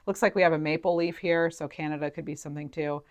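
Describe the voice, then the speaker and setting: A woman with a low voice reads tarot cards for her viewers in a loose, chatty way. She thinks aloud, circles back with fillers, and lets her feelings show. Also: fairly even intonation, fast. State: near tears at moments. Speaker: tarot reader. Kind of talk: intuitive tarot reading to camera.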